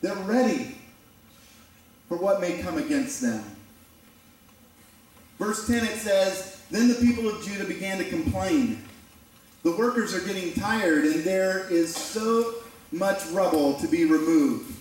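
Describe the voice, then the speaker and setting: A man's voice: high voice, expressive, a little slow, pauses often. A man preaching a sermon as pastor, talking conversationally and acting out quoted voices. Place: church sanctuary. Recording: very echoey church from a distant mic.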